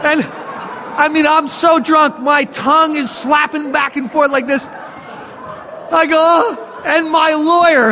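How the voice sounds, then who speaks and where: A man with a notably high voice tells a self-mocking story about his past to a listening audience. He talks in an animated, storytelling way. The sound rings with the long reverb of a large hall. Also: vocal fry, a little hiss or hum. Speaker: speaker sharing a recovery story.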